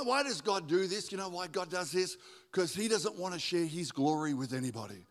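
A man preaching a sermon in a church, animated and joking with the congregation. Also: high-pitched. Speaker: guest preacher. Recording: echoey hall with long reverb.

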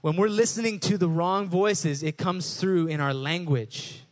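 A man's voice: high voice, a little slow. A young adult male pastor preaching a sermon in a casual, conversational way, often restarting words as he rephrases.

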